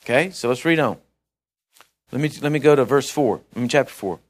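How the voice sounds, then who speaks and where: A man's voice: mid-range voice, expressive, brisk, pauses often. A man preaching a conversational sermon who reads scripture aloud and checks in with the congregation in short, earnest bursts with frequent restarts.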